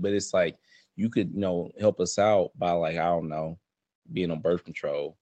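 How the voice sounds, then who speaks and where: A man, co-hosting a casual podcast chat and ranting in a profane, animated way. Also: low-pitched, normal speed, no room sound, muffled recording. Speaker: podcast co-host.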